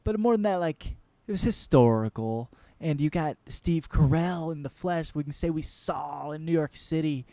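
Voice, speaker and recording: A young man, hosting his own podcast, tells a story in a rambling, excitable way and swears often. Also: a little high, normal speed, few pauses, no room sound. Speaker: podcast host. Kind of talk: casual storytelling monologue.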